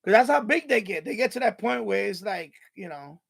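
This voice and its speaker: High-pitched gravelly man ranting. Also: expressive, brisk, fairly bright tone. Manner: exasperated, swears freely. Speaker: radio hobbyist live-streamer. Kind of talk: ranting live-stream chat.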